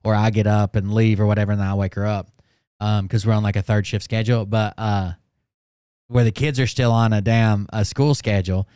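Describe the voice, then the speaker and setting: A man's voice: on the low side, steady tone, brisk, mellow, clean tone, no room sound, studio quality. A man hosting a live stream, chatting casually and rambling with lots of fillers. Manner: rambling, filler-heavy, offhand.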